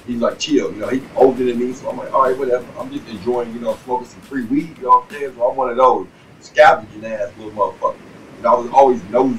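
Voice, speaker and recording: Guy spinning a long, cussing story, loud then mumbling, recorded a bit far off with light hiss. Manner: profane, rambling, peppered with "you know what I'm saying"; swings between loud bursts and low muttering. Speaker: vlogger telling a life story. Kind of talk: casual storytelling monologue. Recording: distant mic with faint background noise.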